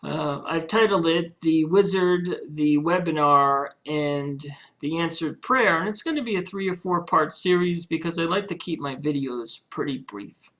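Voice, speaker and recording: A man's voice: fairly high pitch, a little slow, few pauses, a bit bright. A man talking straight to camera in a personal video diary about his home-based marketing business, earnest and heartfelt, often rambling with filler words. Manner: earnest, rambling, many "you know" fillers; heartfelt, religious.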